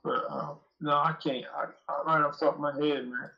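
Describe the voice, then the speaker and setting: Raised gravelly guy rambling through profane stories, muffled lo-fi sound. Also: fairly high pitch, steady tone, brisk. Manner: rambling, profane, street-talk storytelling. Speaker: guest. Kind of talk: casual storytelling interview. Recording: dull lo-fi audio.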